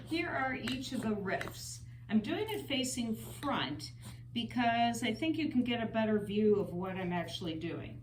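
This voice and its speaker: A woman's voice: a little high, expressive, unhurried, a little hiss or hum. A woman teaching tap dance in a step-by-step tutorial, counting out the steps in rhythm as she dances. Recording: roomy, distant camera audio with loud tapping. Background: tap shoe clicks.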